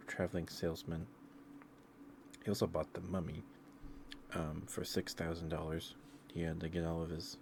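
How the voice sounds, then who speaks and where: A man's voice: deep voice, gravelly, background noise. A sleepy man in a casual ASMR stream, telling a meandering story in a loose, rambling way.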